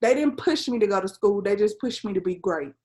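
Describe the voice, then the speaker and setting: A young woman speaking as a guest in a casual interview. She talks in an earnest, storytelling way and drops in plenty of "um"s and "like"s. Her voice sits at an ordinary middle pitch for a woman. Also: animated, fairly quick, mellow. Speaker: interview guest, civil engineer.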